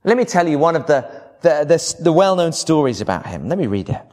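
A man preaching a sermon to a congregation, with expressive, varied emphasis. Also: on the high side, brisk, hardly any pauses.

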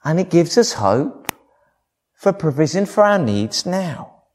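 A man preaching a sermon to a congregation, with expressive, varied emphasis. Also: a little high, slow, slight background noise.

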